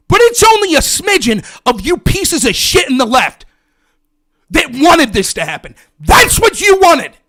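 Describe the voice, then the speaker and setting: An American man hosting a livestream, delivering an angry, profane political rant that often breaks into shouting. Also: extremely high pitch. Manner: furious, profane, shouting at viewers.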